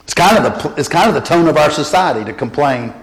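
A man preaches a sermon with earnest, expressive energy and a fast delivery, dropping low and quiet to drive a point home and rising high when he quotes. The recording carries a long hall reverb.

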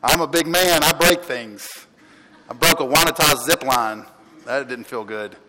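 A pastor preaching a sermon in a church, talking in a chatty storytelling way, with restarts and laughs. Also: male voice, medium pitch, unhurried, over a noisy crowd. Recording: long hall reverb, loud background noise.

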